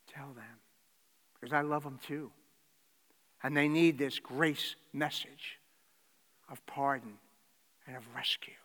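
A man preaching a sermon, swinging between loud exclamations and hushed near-whispers. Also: mid-range voice, steady tone, slow pace, pauses often. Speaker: pastor. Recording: reverberant hall.

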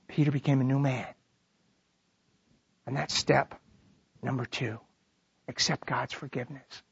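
A man's voice: high-pitched, expressive, moderate pace, pauses often, a bit bright, husky, highs cut off. A middle-aged man preaching a sermon as pastor, retelling scripture dramatically and acting out the voices he quotes.

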